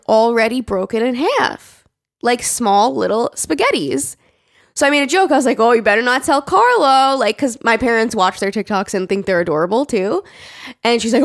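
A woman co-hosting a podcast, telling stories in casual chat and acting out the quotes in a higher voice. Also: no room sound, studio quality. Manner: animated storytelling, acts out quotes in a high voice. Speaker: podcast co-host.

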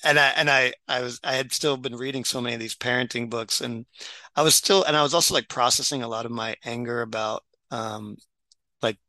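A man's voice: mid-range voice, steady tone, a little fast, bright, forceful tone, no echo, rough recording. A middle-aged man, a doctor and writer, talking casually with many restarts and fillers. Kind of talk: casual podcast conversation.

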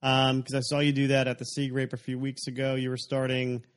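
A man's voice: medium pitch, completely flat delivery, a little fast. A young adult man hosting a casual chat, rambling with lots of fillers. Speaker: podcast host.

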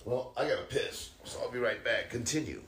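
A man's voice: medium pitch, fairly quick, fairly bright tone, a little hiss or hum. A man co-hosting a podcast in casual chat, adding short, emphatic and profane remarks. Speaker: podcast co-host. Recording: roomy echo.

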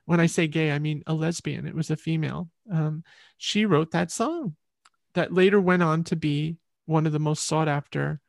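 Gravelly-voiced woman telling her story. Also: sits low, moderate pace, no echo, studio quality. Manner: rambling, reflective storytelling with repeated restarts. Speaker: musician guest. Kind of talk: conversational storytelling in an interview.

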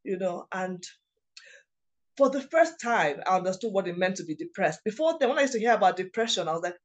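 A woman, a mother of several children, telling a personal story in a halting, emotional way, often restarting her sentences. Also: medium pitch, lively intonation. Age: adult mother of several children. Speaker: guest sharing a personal story.

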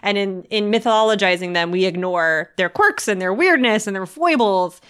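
A woman's voice: medium pitch, expressive, moderate pace, a bit bright, smooth. A woman co-hosting a podcast, chatting casually about books, laughing often and filling with "like". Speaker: podcast co-host. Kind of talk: casual book chat.

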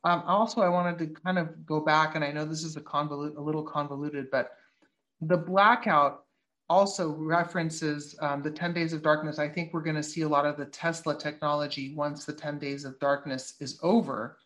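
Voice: medium pitch, steady tone, moderate pace, a bit bright. A podcast host in casual political talk, blunt and swearing freely, working through a speech line by line.

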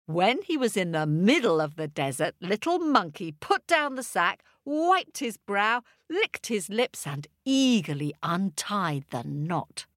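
A woman reading a children's story aloud with an animated, expressive manner. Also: mid-range voice, measured pace, hardly any pauses, no echo, studio quality.

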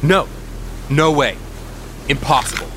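A man's voice: on the high side, a little slow, noisy background, close to an everyday voice. Man playing an eager young leader.

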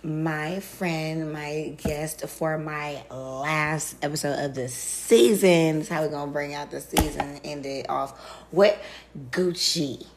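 A young woman hosting her podcast in a casual chat, her voice hoarse and nearly gone, chatty and giggly. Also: deep voice, fairly even intonation, background noise. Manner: giggly, chatty, drawn-out exclamations. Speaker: podcast host. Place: vacation rental room.

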